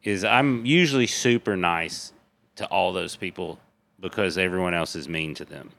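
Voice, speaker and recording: A man from Tennessee, a comedian guest on a casual podcast, telling animated, profane stories. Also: low-pitched, normal speed, gravelly. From Tennessee, USA.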